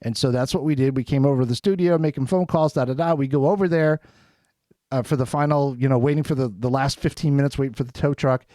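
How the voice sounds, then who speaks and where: A man co-hosting a casual podcast chat, telling a story in an animated way and acting out what people said in a raised voice. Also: mid-range voice, fast, no room sound, studio quality. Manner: animated, acts out quotes in a raised voice. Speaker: podcast co-host. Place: studio.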